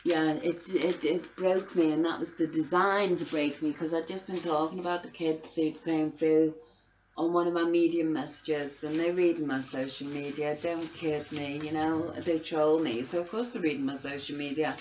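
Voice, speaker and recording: This is a middle-aged woman delivering an outraged, swearing rant. She keeps repeating herself as she hammers her points home. Her lowish voice comes through a dull, lo-fi recording in a roomy space. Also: fairly even intonation, moderate pace, darkish tone, a little hiss or hum. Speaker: vlogger. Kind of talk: angry ranting monologue.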